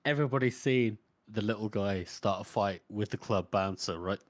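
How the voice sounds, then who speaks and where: A man's voice: lowish voice, moderate pace, dry recording. Chatty man cutting in on a podcast. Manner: chatty, interjecting. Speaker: podcast co-host. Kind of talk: casual podcast chat.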